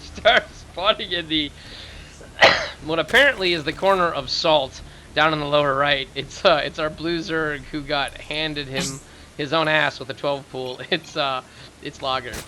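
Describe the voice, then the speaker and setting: A male esports caster with a very bright, forceful voice that climbs high and speeds up when the action heats up. Faint noise sits under the recording. He chats loosely between plays. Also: poor audio. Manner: excitable, rising to high-pitched rapid calls in fights. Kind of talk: live game commentary.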